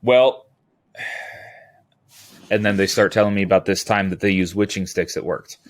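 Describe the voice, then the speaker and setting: A man from California talking as a podcast guest, rambling and animated, with quick asides and restarts. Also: fairly low pitch. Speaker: podcast guest, utility locator. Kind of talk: casual interview talk.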